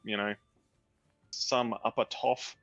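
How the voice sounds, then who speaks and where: A man's voice: medium pitch, level tone, takes it slowly, fairly bright tone. A man playing a tabletop game, in laid-back, joking in-character banter. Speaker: player. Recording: dull dry lo-fi mic, faint music.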